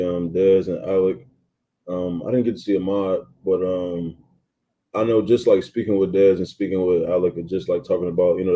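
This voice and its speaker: A young man in his twenties, a college football player, giving relaxed interview answers full of ums and you-knows. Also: low-pitched, muffled recording. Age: 20s. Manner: laid-back, many ums and you-knows. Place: athletes' training facility.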